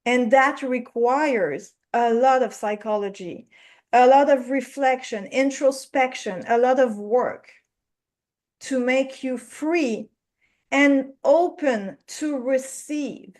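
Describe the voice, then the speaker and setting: Quebec French-accented woman, trading psychology coach, slow reflective delivery, high voice. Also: darkish tone. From Quebec, Canada. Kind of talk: live show guest talk.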